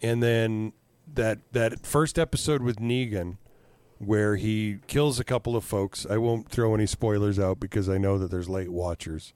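A man chatting casually, telling animated stories, swearing freely and acting out what people said. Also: on the low side, moderate pace, smooth, dry recording. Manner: animated storyteller, swears freely, acts out quotes. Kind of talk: casual chat.

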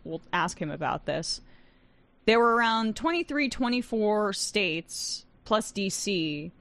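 A young adult woman hosting a news talk show, reading headlines and commenting in a casual, sarcastic way with frequent laughs. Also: on the low side. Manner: wry and sarcastic, quick to laugh. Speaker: fill-in news show host.

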